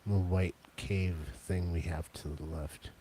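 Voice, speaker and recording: A man co-hosting a casual home podcast, with a slow, dry, jokey way of talking. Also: low-pitched, fairly even intonation, warm tone, a little hiss or hum. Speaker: podcast co-host.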